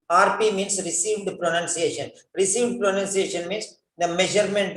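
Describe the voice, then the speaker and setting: A man teaching English pronunciation, repeating words over and over to model how they should sound. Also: high voice. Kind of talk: classroom lesson on pronunciation. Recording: echoey room.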